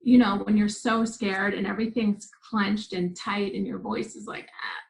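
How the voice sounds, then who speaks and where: A woman of middle pitch recounts a story in an earnest, vivid way, often stopping to restart her sentences. She speaks as an interview guest. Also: steady tone, normal speed, gravelly, poor audio. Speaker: guest, spiritual teacher.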